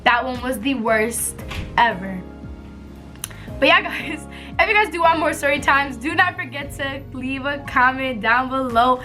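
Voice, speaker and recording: A young woman telling a story as a vlogger in a casual, animated, blunt way, laughing often and using slang. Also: high-pitched, normal speed, soft background music.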